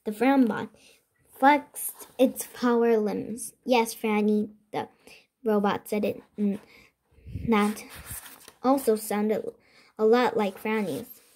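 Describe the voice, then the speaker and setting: A woman whose first language is Korean reading a children's chapter book aloud, halting and restarting words as she goes. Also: mid-range voice, darkish tone. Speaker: reader.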